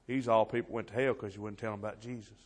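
A man preaching an impassioned sermon, moving between loud exhortation and quiet, heavy storytelling. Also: on the low side, fairly even intonation, quick pace. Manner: impassioned, swings from shouting to hushed storytelling. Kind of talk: fiery revival sermon.

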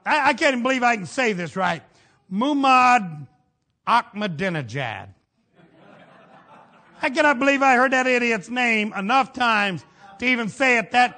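Man preaching, folksy, bursts of shouting and low asides, high voice. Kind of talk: sermon.

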